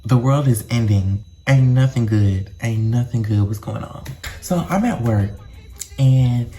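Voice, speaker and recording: Mellow-voiced young man telling a storytime. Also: medium pitch, unhurried, a little hiss or hum. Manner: animated, dramatic, slangy and profane. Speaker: vlogger. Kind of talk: casual storytime.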